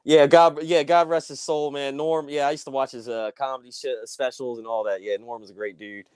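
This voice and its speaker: A man's voice: mid-range voice, steady tone, a little fast, a little mellow, smooth, no echo. A man co-hosting a casual chat show, rambling and laid-back with lots of fillers. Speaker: podcast co-host.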